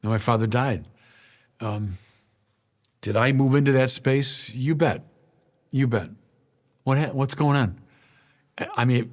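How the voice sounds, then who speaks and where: A man's voice: medium pitch, a little slow, long pauses. Male priest, middle-aged, sermon, conversational, rhetorical questions, repeats himself. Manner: conversational preaching, repeats words and restarts, rhetorical questions to listeners.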